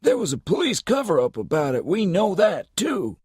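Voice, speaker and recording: A man performs a full character voice for a sad, bitter old father in an audiobook, pitched above his own voice so it sounds high. The delivery is insistent and husky, with huge pitch swings, a moderate pace and a darkish tone. It is a dry, studio-quality recording.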